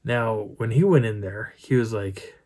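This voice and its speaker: A middle-aged man tells his story in a casual, rambling first person, circling back and restarting as he goes. His voice sits a little low with a husky edge. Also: measured pace. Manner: rambling, animated retelling with many restarts. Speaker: Bigfoot researcher telling a field story.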